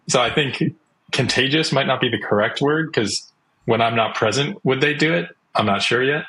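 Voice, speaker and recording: A man's voice: medium pitch, quick pace, bright, forceful tone, a little hiss or hum, poor audio. A young man talking casually as a guest, chatty, with lots of "like" and acted-out quotes. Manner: chatty, many "like"s, acts out quotes. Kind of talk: casual interview talk.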